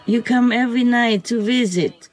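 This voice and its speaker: A soft-spoken vlogger who talks gently and affectionately, as in a spoken diary at night. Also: mid-range voice, normal speed, soft background music, low-quality recording. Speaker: vlogger speaking to a visiting fox spirit. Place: outdoors at night by a forest.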